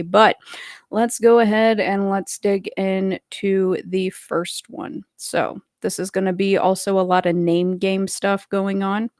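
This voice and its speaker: A woman's voice: fairly low pitch, darkish tone, dry recording, studio quality. A woman hosting a livestream in a casual, rambling way with lots of filler words, stopping to greet viewers in the chat. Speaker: livestream host.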